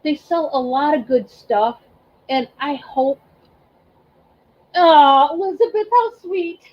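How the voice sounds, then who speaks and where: A woman with a high voice hosts a casual livestream as a reseller, chatting warmly and gushingly with her viewers. She's emotional and effusive, thanking chat by name, and speaks haltingly with lots of ums and restarts. The audio is a bit dull and lo-fi.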